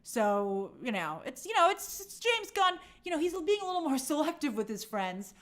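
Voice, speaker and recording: Middle-aged woman, trailer-review host, high lively voice, chatty and opinionated. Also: normal speed. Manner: chatty and opinionated, with lots of fillers and mock quotes. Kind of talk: casual trailer breakdown commentary.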